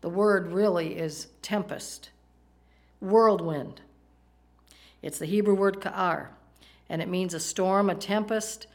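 A woman's voice: mid-range voice, slow pace, long pauses. A woman preaching a sermon, talking conversationally and asking the congregation questions. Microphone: microphone, PowerPoint slides in a church.

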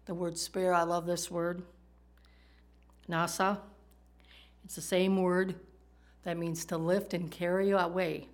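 Brief: woman preacher with a fairly low voice, teaching sermon with jokes. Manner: teaching, explains Hebrew words, tells jokes.

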